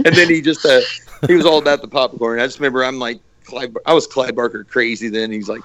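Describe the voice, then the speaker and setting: A man co-hosting a podcast, chatting casually about horror movies with a gravelly, profane, laugh-filled manner. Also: mid-range voice, fairly quick, fairly bright tone, dry recording. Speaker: podcast co-host. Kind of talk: casual chat.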